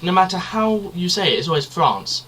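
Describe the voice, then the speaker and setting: A man's voice: sits high, fast, sharp tone, a little hiss or hum. A young man co-hosting a casual podcast, rambling and chatty, swearing loosely. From Britain. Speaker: podcast co-host. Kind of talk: casual chat.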